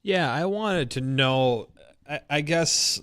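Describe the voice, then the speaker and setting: A man, a meteorologist co-host, asking a long question with halting restarts. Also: a little high, animated, fairly bright tone, clear, resonant tone, no echo, studio quality. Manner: halting, restarts while framing his question. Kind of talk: asking a question on a live show.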